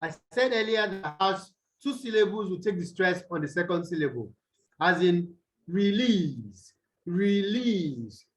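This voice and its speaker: A man tutoring English pronunciation over a video call, asking questions and answering them himself, and repeating words slowly to show where the stress falls. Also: high voice, rough recording. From Nigeria. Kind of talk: online tutorial lesson.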